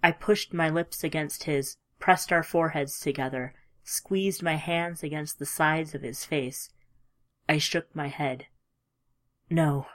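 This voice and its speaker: A woman reading a first-person story aloud in a measured, emotive way, dropping at times to a hush. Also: deep voice. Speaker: audiobook narrator. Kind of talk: scripted audiobook narration.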